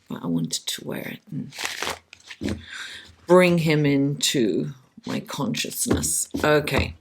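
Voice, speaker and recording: This tarot reader has a low, gravelly, husky voice that's giving out because it's so late. She chats warmly through the reading, addressing the cards directly with affection.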